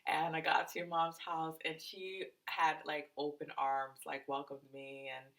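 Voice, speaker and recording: A young woman from Massachusetts with the accent to match, telling stories on a couple's podcast. Her voice sits low but sounds bright and forward. She talks in a loose, chatty way, full of "like" and quick laughs. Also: level tone. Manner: chatty, laughs often, says "like" a lot. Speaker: podcast co-host. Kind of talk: casual storytelling chat.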